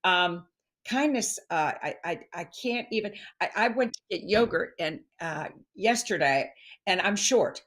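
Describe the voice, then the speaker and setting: A middle-aged woman, a guest expert on stress, chatting in an interview and telling stories with animated quoted voices. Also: lowish voice, a little slow. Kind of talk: casual interview chat.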